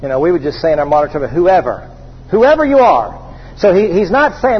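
A high-voiced male pastor delivers a sermon in a church, drawing the crowd into call-and-response. The recording sounds dull and lo-fi, with a long reverb tail and faint background noise. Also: big pitch swings, moderate pace. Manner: call-and-response preaching, repeats phrases.

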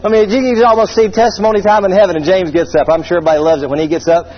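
High-voiced husky preacher. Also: male voice, fairly even intonation, highs cut off, a faint crowd. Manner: humorous, voices imagined listeners, reads scripture slowly. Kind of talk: sermon.

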